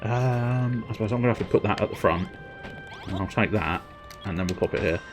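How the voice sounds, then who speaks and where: A man's voice: lowish voice, fairly quick, soft background music. A man casually commenting on his gameplay on a livestream, rambling and playful, humming tunelessly and swearing now and then.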